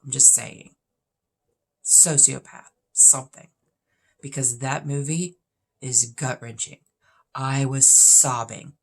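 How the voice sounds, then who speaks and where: A woman's voice: rumbling low, steady tone, slow, pauses often, husky. A woman in her fifties, a vlogger chatting casually through a list of questions, blunt and opinionated with plenty of emphasis. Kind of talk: casual chat answering questions.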